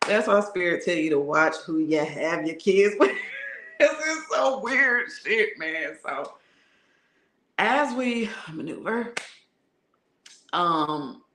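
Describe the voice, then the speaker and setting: Deep raspy-edged lady, slangy and frank, talking about her past, roomy echo. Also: animated, slow, long pauses, fairly bright tone, a little hiss or hum. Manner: frank, conversational, slangy, laughs often. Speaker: tarot reader and channel host. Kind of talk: candid personal storytelling. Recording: echoey room.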